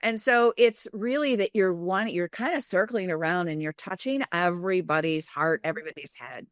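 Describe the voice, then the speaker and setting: A woman guest on a podcast explains her coaching methods with confidence. Her voice sits on the low side and sounds dry and close to the mic, and she acts out small lively examples as she goes. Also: moderate pace, no echo. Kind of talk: interview talk, coaching advice.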